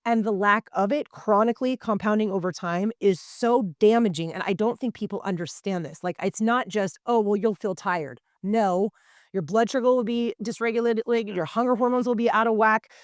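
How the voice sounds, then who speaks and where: A woman's voice: a little high, no room sound, studio quality. A woman co-hosting a health podcast in a casual, earnest way, speaking straight to her listeners. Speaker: podcast co-host.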